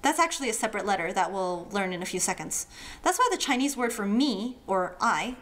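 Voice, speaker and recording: A woman's voice: mid-range voice, sing-song, fairly quick, a bit bright. A woman teaching language pronunciation in a playful way, acting out sounds with funny imitations. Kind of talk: friendly explainer lesson.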